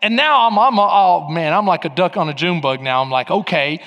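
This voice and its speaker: A man, a pastor, telling a story in a sermon, swinging between shouting and quiet asides. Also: high-pitched, normal speed. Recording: long hall reverb.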